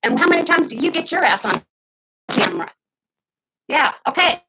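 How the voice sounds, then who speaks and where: A woman in her fifties venting heatedly to her camera, swinging between loud outbursts and muttered asides. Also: high-pitched, big pitch swings, normal speed, background noise. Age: 50s. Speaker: vlogger. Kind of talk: casual ranting to camera.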